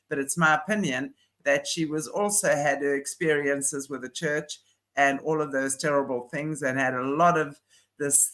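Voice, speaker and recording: A man's voice: a little high, a bit bright. A man co-hosting a casual chat, giving opinionated, explanatory commentary. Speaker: podcast co-host. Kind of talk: casual chat about a news case.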